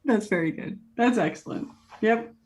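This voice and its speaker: A woman's voice: a little high, moderate pace, a little mellow, a little hiss or hum. A woman in her thirties with an American accent, answering interview questions in a chatty way and laughing often. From United States. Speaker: interview guest. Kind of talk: casual interview.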